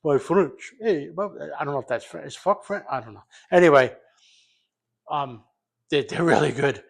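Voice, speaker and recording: A man's voice: fairly high pitch, normal speed, gravelly. A middle-aged man from Rhode Island, rambling loosely and swearing as he makes a recipe in his home kitchen. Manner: rambling, profane, loose and jokey. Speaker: home cook vlogger. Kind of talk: casual cooking vlog.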